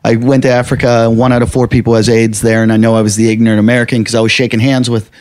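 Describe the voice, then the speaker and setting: A man's voice: mid-range voice, level tone, rapid-fire, a little mellow. A man who is a comedian, chatting casually and telling wry anecdotes about his past gigs. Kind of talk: casual chat.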